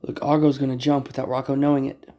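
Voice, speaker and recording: A man's voice: mid-range voice, flat delivery, fast talker, warm tone. A man casually filming his cats at home on a camera on a tripod. He talks playfully, swears freely and coos at them in baby talk. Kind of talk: casual livestream chat. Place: indoors at home. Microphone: phone or camera on a tripod.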